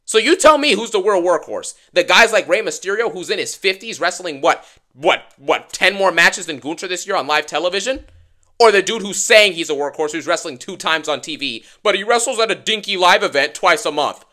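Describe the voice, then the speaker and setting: Fast-talking man ranting about wrestling. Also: high voice, expressive, pushed and bright. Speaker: wrestling YouTuber. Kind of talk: wrestling show review rant.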